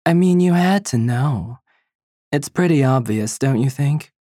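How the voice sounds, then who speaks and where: The reader voices a composed married woman in a storybook, speaking in a controlled, quiet way. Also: mid-range voice, animated, a little slow, no echo, studio quality. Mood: matter-of-fact.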